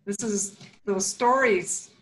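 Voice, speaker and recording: A woman's voice: mid-range voice, takes it slowly, poor audio. A woman hosting an online talk, responding to her guest with effusive exclamations. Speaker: host.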